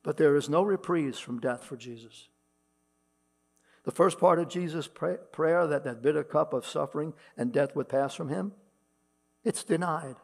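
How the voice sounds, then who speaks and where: A man's voice: on the high side, moderate pace, creaky. A man preaching a sermon as pastor, reading scripture aloud with rising emphasis, with a mains hum behind him. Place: church.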